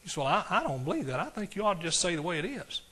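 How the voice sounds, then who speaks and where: A man preaching a sermon to a congregation, swinging between loud declarations and quiet asides and asking the crowd questions. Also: high voice, big pitch swings, racing, slightly rough. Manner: talks directly to the congregation, asks questions. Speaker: pastor.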